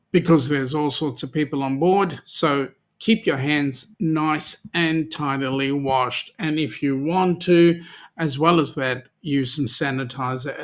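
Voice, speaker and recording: Australian man, host, live-stream chat, slow unhurried delivery, slightly high voice, jokey with lots of ums. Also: a bit bright. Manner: chatty, jokey, many ums. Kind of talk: live-stream chat reading viewer comments.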